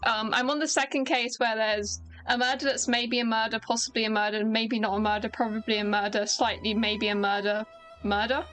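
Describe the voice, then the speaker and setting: British streamer, high-voiced, rambly and self-mocking, faint game music behind. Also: female voice, level tone, brisk, a bit bright. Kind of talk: casual gameplay commentary.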